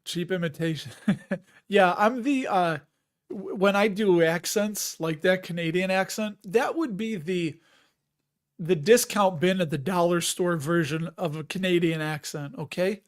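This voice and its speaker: A man in his fifties with a fairly high voice hosts a casual investing livestream. He chats loosely with viewers, cracking jokes and laughing often as he wanders between asides. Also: unhurried. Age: 50s. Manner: chatty, jokey, laughs often, rambling asides. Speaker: host of a dividend investing livestream. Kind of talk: casual livestream chat reading viewer comments.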